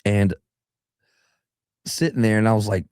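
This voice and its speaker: A young adult singer from southeastern Alabama chats as a radio guest, his voice sitting a bit low. He rambles, backs up and restarts his sentences, and sometimes breaks into put-on voices. The studio mic is dry and close, with no room sound. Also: steady tone, a little slow, darkish tone, clear, resonant tone, no room sound. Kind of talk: casual radio interview chat.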